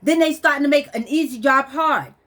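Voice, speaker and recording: A woman's voice: sits high, fairly quick, a bit bright. A woman venting bluntly on a vlog, stressed and weepy, swearing as she talks. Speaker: vlogger. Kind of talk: emotional personal vent.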